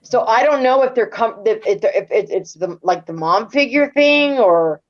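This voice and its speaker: A woman's voice: on the high side, animated, moderate pace, highs cut off. A middle-aged woman telling stories casually as an interview guest, rambling and repeating words as she retells events. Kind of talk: casual storytelling.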